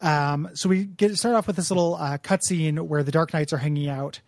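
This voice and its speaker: In a clean, dry studio recording, a man co-hosting a podcast casually goes over a video game, wandering off on tangents, laughing, and performing the characters' dialogue. His voice is a little high with a steady tone at normal speed.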